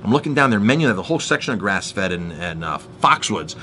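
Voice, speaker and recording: A man's voice: fairly low pitch, racing, soft background music. A man telling a heated story in a casual monologue, with many restarts, acting out the people he argued with. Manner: animated storytelling, restarts, acts out quoted exchanges.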